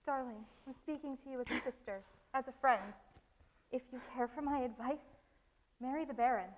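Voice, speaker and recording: A woman voices a sensible eldest sister who gives advice in a soothing, earnest way. Her voice is high and rings with a long reverberant echo. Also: a little mellow, natural voice. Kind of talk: amateur stage drama.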